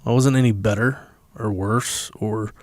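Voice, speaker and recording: A man's voice: fairly low pitch, fairly even intonation, measured pace, no room sound. A man, a podcast guest, telling a story in a casual, blunt and emphatic way, swearing freely.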